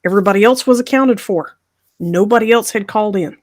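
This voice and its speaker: Woman host, casual storyteller, lively, mid-pitched, slips into characters' voices. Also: fairly quick. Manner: animated, acts out voices in the story. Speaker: podcast host.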